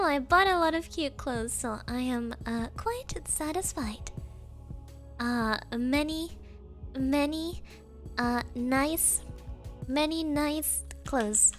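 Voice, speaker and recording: Young female streamer, high voice, slow unhurried delivery, giggly rambling chat, light music underneath. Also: fairly bright tone. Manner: giggly, rambling storytelling with fillers. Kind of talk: casual chat.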